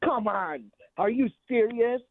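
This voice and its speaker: Fed-up male caller, high voice, dry phone line. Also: animated, a little slow, no echo. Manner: exasperated, swearing. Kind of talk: angry fan rant on a call-in line.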